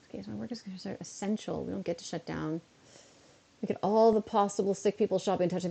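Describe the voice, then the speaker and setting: A woman's voice: mid-range voice, fast talker, gravelly, dark tone, breathy edge. A woman streaming from home and chatting casually while she plays, ranting with exasperated asides and sounding a bit unwell. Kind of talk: casual live-stream chat while gaming.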